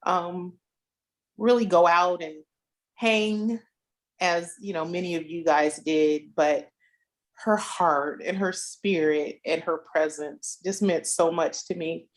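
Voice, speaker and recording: A woman speaking slowly and warmly about a friend at a memorial on a video call. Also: deep voice. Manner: heartfelt, slow, with fillers. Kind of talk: memorial tribute.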